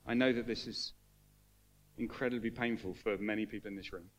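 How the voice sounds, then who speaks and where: A man preaching a sermon to a congregation, earnest and emotional, building to fervent emphasis and then falling quiet. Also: fairly low pitch, steady tone, fairly quick. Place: church hall with congregation.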